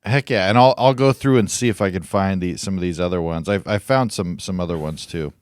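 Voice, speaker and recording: A man co-hosting a podcast, reading listener suggestions haltingly and chuckling at the jokes. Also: low voice, clean tone, dry recording, studio quality. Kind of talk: casual chat, reading emails aloud. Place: podcast studio.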